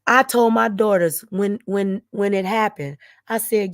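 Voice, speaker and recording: Middle-aged woman host, slow and emphatic, repeating her vows, close and dry sound. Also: medium pitch, no room sound. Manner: emphatic, repetitive, vowing and declaring. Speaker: channel host. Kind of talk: emotional direct-to-camera monologue.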